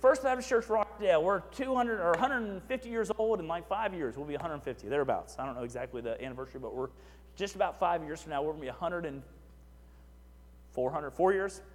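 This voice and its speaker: Pastor, male, high voice, chatty sermon with asides, church hall reverb. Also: fast. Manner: conversational, asides and repeated "right?".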